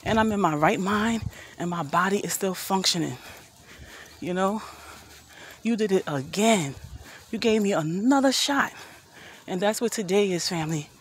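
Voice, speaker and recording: A woman's voice: medium pitch, animated, normal speed, slightly rough. A woman in her fifties with an earnest, preachy way of talking, a little out of breath as she walks uphill outdoors and talks into a phone. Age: 50s. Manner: preachy, earnest, addresses viewers as family. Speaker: vlogger. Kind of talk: motivational walk-and-talk vlog. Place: outdoors walking up a hill.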